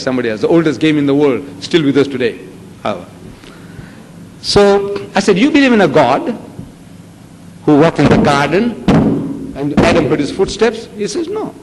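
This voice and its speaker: An older man with a South African Indian accent lectures an audience, his fairly high voice rising and falling as he acts out the voices in his stories. The sound carries a long hall reverb with a faint hiss of background noise. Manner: animated storytelling, acting out voices with rising shouts. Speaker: Islamic lecturer.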